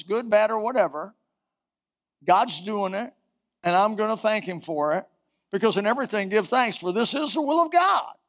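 A man preaching a sermon, reciting scripture and rising to sudden loud outbursts. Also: high-pitched. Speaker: pastor.

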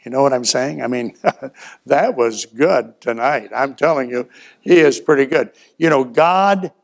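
A man preaching a sermon in a folksy storytelling way, acting out little dialogues and letting his voice rise and drop. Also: medium pitch. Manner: folksy storytelling with acted-out dialogue and shifts in loudness. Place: church.

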